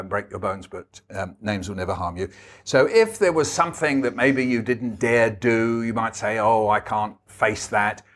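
An older man talks through his memories at a book event. His delivery is wry and anecdotal, unhurried, sitting at an ordinary middle pitch. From England. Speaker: author guest. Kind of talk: storytelling book talk.

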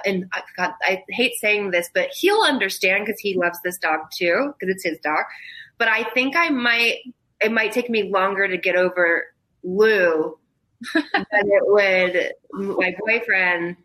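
A woman talking as a guest on a casual podcast. Her voice is bright and forward. She rambles, restarts her thoughts over and over, and laughs even while describing something painful. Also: medium pitch, rough recording. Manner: rambling, self-interrupting, laughs through grief. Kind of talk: casual chat.

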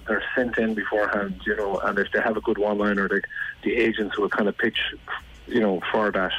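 A man's voice: on the low side, fairly bright tone, muffled recording. An Irish man, a comedian, chatting casually on a radio show, rambling and self-deprecating with many restarts. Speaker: comedian and regular guest.

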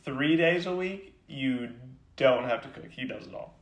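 A man's voice: mid-range voice, unhurried. Man, podcast co-host, casual chat, playful, rambling, teasing, roomy echo.

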